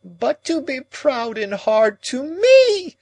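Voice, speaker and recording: A man doing a shrill, wailing old woman. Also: very animated, takes it slowly, no room sound, full character voice, low-quality recording. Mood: shrieking. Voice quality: shrill, quavering, moaning. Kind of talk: audiobook character reading.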